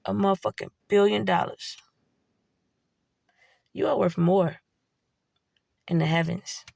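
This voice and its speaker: A woman's voice: mid-range voice, gravelly, no echo, clean studio sound. A woman giving a blunt, heavily profane spiritual monologue in a preachy way. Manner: blunt, heavy swearing, preachy. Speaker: spiritual vlogger.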